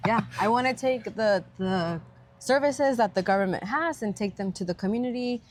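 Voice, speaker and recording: A woman's voice: mid-range voice, moderate pace. A woman with a mid-range voice talks as a podcast guest. She sounds earnest and upbeat while chatting casually outdoors in a park. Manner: earnest and upbeat, talks about civic engagement. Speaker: guest, county attorney. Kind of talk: casual interview chat.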